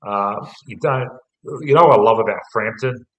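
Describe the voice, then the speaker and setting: A man's voice: on the low side, normal speed, a bit bright, echoey room, rough recording. A young Australian man co-hosting a casual football chat, rambling and swearing constantly in a laid-back way. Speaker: podcast co-host.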